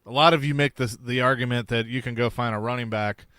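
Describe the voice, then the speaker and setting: A man hosting sports talk radio, reading listener texts and giving brisk opinions. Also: mid-range voice, steady tone, fairly bright tone, clean tone, no echo, clean studio sound.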